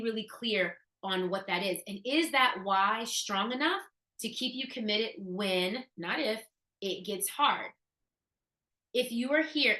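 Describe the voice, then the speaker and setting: A woman's voice: mid-range voice, sharp tone, roomy sound, poor audio. A woman giving a motivational business presentation, emphatic and casual, firing off rhetorical questions and laughing now and then. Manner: casual, slangy, laughs often.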